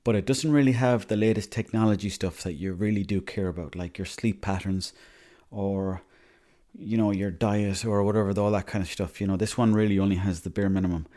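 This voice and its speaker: Rambling, sweary Irishman with a mellow voice. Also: lowish voice, fairly even intonation, a little fast. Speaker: comedy monologuist. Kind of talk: rambling comic monologue.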